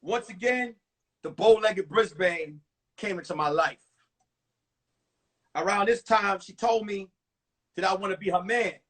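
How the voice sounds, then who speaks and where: A man in his forties, a comedian telling crude, animated stories about his school days on a phone livestream. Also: high-pitched, a little slow, pauses often. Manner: animated, profane storytelling with acted-out voices. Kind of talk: stand-up storytelling on a livestream.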